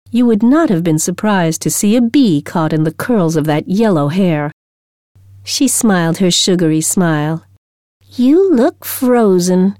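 A woman reading a short story aloud in a slow, deliberate storytelling manner. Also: fairly low pitch, dark tone, dry recording, studio quality. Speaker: audiobook narrator. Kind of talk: scripted narration of a short story.

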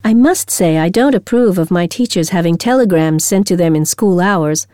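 A woman reading a storybook aloud, voicing a stern, prim older headmistress who speaks in a cool, measured way. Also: fairly low pitch, animated, mellow, dry recording, studio quality, close to an everyday voice. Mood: disapproving.

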